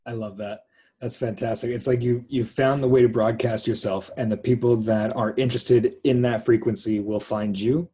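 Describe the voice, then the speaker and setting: A podcast co-host with a husky voice, chatting in a supportive, lively way. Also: medium pitch, moderate pace. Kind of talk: casual interview chat.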